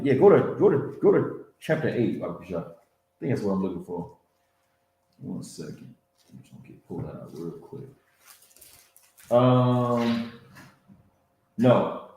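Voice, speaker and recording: A man's voice: on the low side, darkish tone. A man teaching a Bible class in a preaching style, repeating himself and checking in with "you understand?" and "man.". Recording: roomy echo.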